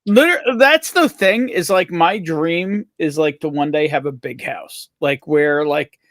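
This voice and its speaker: Host: New guy, fairly high voice, dry close sound, rambling and profane. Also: unhurried, fairly bright tone, no room sound. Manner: rambling, profane, restarts often. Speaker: stream host. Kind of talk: casual livestream chat.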